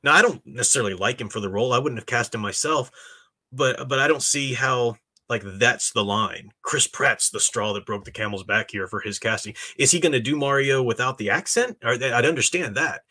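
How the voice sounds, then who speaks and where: A man's voice: medium pitch, brisk, pushed and bright. A man hosting a live stream, talking casually and reading chat messages. He rambles with many restarts and gives blunt opinions.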